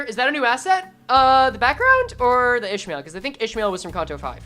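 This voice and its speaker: A woman streamer casually bantering with chat while reading a game aloud, playful and animated. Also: a little high, fairly quick, few pauses, faint music behind.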